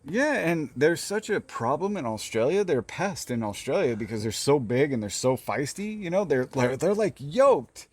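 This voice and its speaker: A man's voice: a little high, big pitch swings, moderate pace, hardly any pauses, a little mellow. Casual male co-host, repeats lines, phone mic. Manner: rambling, repeats himself, emphatic warnings. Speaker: podcast co-host. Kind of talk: casual chat. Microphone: phone recording.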